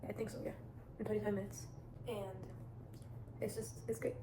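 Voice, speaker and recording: A woman's voice: mid-range voice, little pitch movement, normal speed. Chatty teen girl in an echoey room. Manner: rambling, chatty, many restarts and "like" fillers. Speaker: vlogger. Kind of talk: casual advice vlog. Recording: echoey room with clear background noise.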